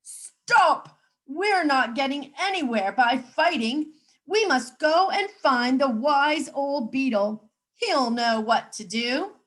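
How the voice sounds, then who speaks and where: A woman's voice: medium pitch, expressive, takes it slowly, a bit bright, low-quality recording. A woman voicing a bossy male chief frog in a storybook, speaking in a commanding, emphatic way.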